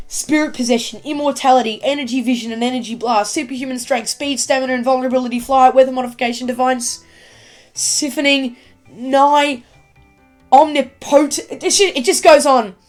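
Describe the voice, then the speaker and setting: A woman giving a casual, excitable video review of a TV episode, rambling with lots of fillers. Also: high voice, normal speed, soft background music. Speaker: YouTube TV reviewer.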